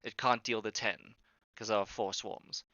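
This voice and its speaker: A man runs a tabletop game on a voice call, his voice bright and forward. He stumbles through ums and restarts as he works out the rules. The audio is dry and a little dull. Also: fairly low pitch, fairly even intonation, normal speed, dry recording. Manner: hesitant, lots of ums and restarts. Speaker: game master. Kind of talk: running a tabletop game over voice chat.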